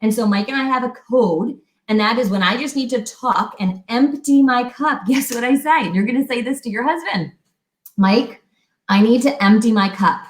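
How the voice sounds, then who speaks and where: A woman co-hosting a fitness talk, giving chatty, animated relationship advice and acting out little quotes. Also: on the high side, normal speed. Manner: chatty, animated, laughs often, acts out quotes. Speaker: fitness coach co-host. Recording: echoey room.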